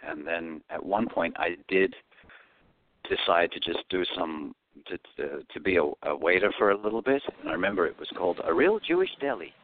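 A man's voice: low voice, moderate pace, no room sound. A man with an Australian accent, a comedian telling stories as an interview guest and acting out the voices in them. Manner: animated, acts out voices in his anecdotes. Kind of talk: storytelling interview. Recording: phone-like, dry line.

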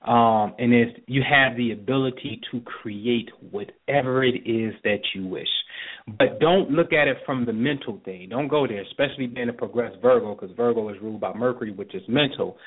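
A man hosting a call-in astrology show, giving readings in an emphatic, preachy way and often checking in with "right?". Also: mid-range voice. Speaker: astrologer host. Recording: tinny phone-line sound.

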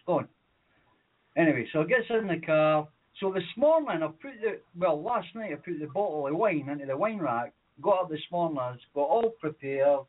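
A man phoning in to a radio show, telling a rambling story with lots of fillers and chuckles. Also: fairly high pitch. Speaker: caller. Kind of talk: casual call-in storytelling. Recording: tinny phone-like line.

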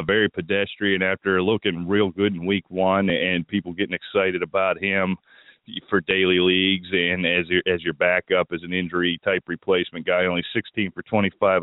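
A man's voice: sits low, no room sound. A man hosting a fantasy football radio show, giving opinionated player advice in a casual talk-radio style with a bit of morning voice. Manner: opinionated, thinks aloud with restarts. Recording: tinny phone-line sound, dry.

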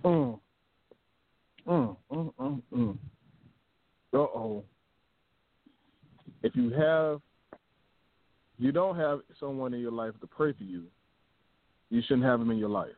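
A man hosting a casual chat, laid-back and drawn-out, chuckling now and then. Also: medium pitch, expressive, dry recording. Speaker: host. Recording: tinny phone line.

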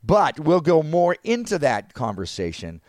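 A man co-hosting a podcast in casual chat, an animated storyteller who laughs often. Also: a little high, unhurried, no echo, clean studio sound. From North Carolina. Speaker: podcast co-host.

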